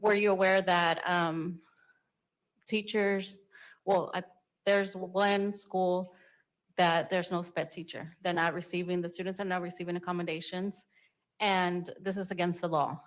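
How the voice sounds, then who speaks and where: Woman at public comment, low-pitched, asks pressing questions, halting with restarts. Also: level tone, rough recording. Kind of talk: public comment at a school board meeting.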